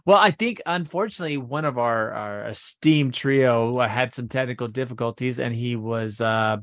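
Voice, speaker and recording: A man co-hosting a podcast in casual chat, joking, swearing and bantering quickly. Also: medium pitch, a bit bright, no echo. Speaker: podcast co-host.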